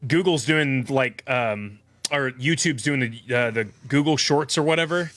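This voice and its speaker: A man's voice: mid-range voice, normal speed, fairly bright tone. A man hosting a stream in casual chat, laughing easily and rambling.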